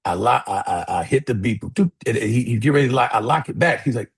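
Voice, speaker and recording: A middle-aged man telling a story in a keynote talk, animated and acting out the people in it. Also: mid-range voice, fast, creaky, husky. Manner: animated storyteller, acts out voices, addresses audience as y'all. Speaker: keynote speaker.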